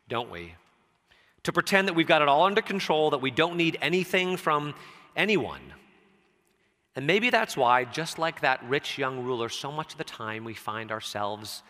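A man preaching a sermon in a conversational way, dropping soft and low, then rising when he quotes scripture. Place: church sanctuary. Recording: church hall reverb.

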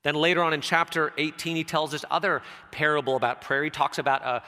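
A man preaching a sermon in a conversational way, dropping soft and low, then rising when he quotes scripture. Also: steady tone, fast talker. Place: church sanctuary. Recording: church hall reverb.

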